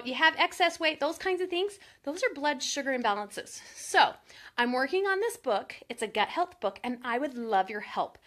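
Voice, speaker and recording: A woman in her thirties vlogging in a casual chat to camera, telling stories in an animated way and saying "like" a lot. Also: high voice. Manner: chatty, animated storytelling with lots of "like".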